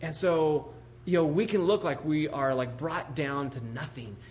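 Man, pastor, sermon, animated, rhetorical questions, slightly high-pitched voice. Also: a little slow. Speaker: pastor planting a church.

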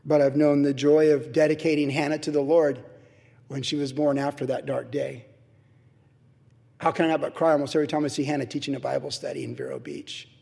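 Middle-aged pastor, emphatic conversational preacher, high voice, sermon in a reverberant sanctuary. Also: male voice, a little fast, creaky, mellow. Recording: long reverb of a large hall.

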